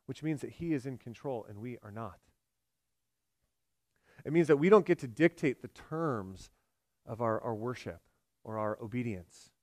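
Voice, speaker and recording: Man preaching with hushed, dramatic emphasis. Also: mid-range voice, animated, moderate pace, pauses often, dry recording, studio quality. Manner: dramatic, swings from loud emphasis to hushed delivery. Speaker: pastor. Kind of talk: sermon.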